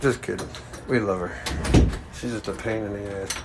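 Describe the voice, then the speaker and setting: A man's voice: fairly low pitch, steady tone, moderate pace, very noisy. A man hosting his own podcast, talking in a casual, wandering monologue full of jokes and asides. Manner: joking, wandering, self-mocking. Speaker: podcast host.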